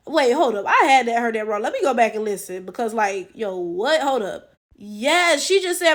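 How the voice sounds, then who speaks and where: A woman's voice: high-pitched, sing-song, normal speed. A woman giving blunt, profane, incredulous reaction commentary full of rhetorical questions. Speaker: reaction channel host.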